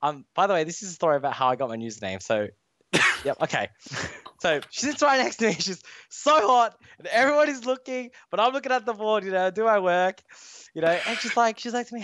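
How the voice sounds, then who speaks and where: A man's voice: sits high, animated, fairly quick, a bit bright, dry recording. A young Australian man telling a long story as a podcast guest, rambling with lots of fillers. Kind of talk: casual storytelling. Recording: dull dry sound.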